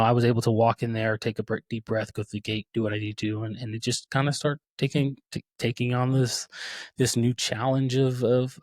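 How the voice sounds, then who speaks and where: A man's voice: mid-range voice, no echo, clean studio sound. A man in his thirties, a podcast host telling a personal story in an earnest, reflective way with many restarts. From Texas. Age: 30s.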